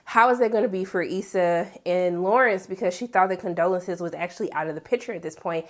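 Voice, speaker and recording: A woman talking casually as she recaps a TV episode, animated and sassy, with big incredulous jumps in pitch and asides like "honey.". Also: brisk, few pauses. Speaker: TV recap vlogger. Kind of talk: casual chat.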